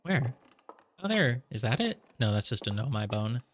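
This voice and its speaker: A man's voice: medium pitch, big pitch swings, normal speed, a little hiss or hum. A man musing aloud over his gameplay. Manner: musing aloud, heavy on "like" fillers. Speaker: gamer playing through a game. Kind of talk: casual let's-play commentary.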